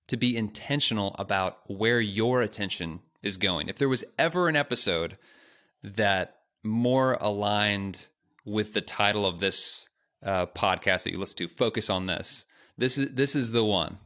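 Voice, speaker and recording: A man's voice: on the low side, a little slow, fairly bright tone. A man co-hosting a podcast, chatting in a conversational, rambling way with joking asides. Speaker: podcast co-host. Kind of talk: casual podcast chat.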